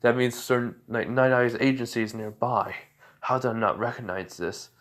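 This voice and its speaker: A man's voice: mid-range voice, normal speed, a bit bright, natural voice. A man doing an earnest veteran hero.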